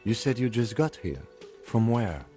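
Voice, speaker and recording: A composed, formal police lieutenant. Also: male voice, mid-range voice, sing-song, measured pace, warm tone, soft background music. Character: calm, precise male police lieutenant. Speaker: detective partner.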